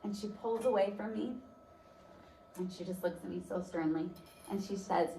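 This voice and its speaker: With a dark tone and long pauses, a woman speaks at normal speed in a mid-range voice during a motivational talk. She recounts a personal story conversationally, using many fillers, captured by a distant mic in a roomy space with faint noise.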